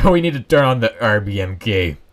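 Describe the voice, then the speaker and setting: A man's voice: on the low side, animated, normal speed. A young man casually commenting on his own gameplay, rambling and joking at his own expense. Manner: rambling, self-mocking, joking asides. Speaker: Let's Play host.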